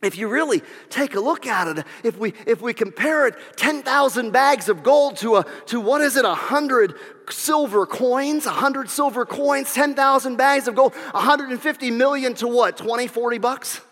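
A man preaching with a very high, bright and forceful voice that rings out in the long reverb of a large hall. He drives his sermon with animated, shouted peaks and quick whoops, then drops back to plain talk. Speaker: pastor.

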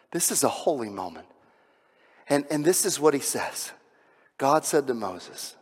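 Conversational preacher in a reverberant hall. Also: male voice, medium pitch, expressive, measured pace. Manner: conversational preaching, drops to a hush on solemn lines, builds loud on climaxes. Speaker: pastor. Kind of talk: sermon.

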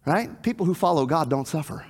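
A man preaching a sermon, animated, asking the congregation questions and acting out scenes. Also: on the high side, brisk, slightly rough, long reverb tail. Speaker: pastor.

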